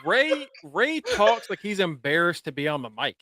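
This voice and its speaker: A man's voice: high voice, very animated, normal speed, heavy background noise. A man hosting a podcast, chatting casually about wrestling with emphatic "bro" and "dude" asides. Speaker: podcast host.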